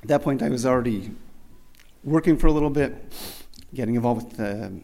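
Remembering his rabbi, a man shares a heartfelt tribute in a mid-range, mellow voice at a slightly quick pace. He keeps starting over and repeating himself, sprinkling in many Hebrew religious words.

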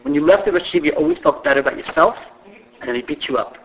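Middle-aged guy telling stories, high gravelly voice, swings up and down a lot, kinda dull lo-fi sound. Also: very fast, slight background noise. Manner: lively storyteller who acts out quoted voices. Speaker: speaker sharing memories of a mentor. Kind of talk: animated storytelling talk. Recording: dull lo-fi recording.

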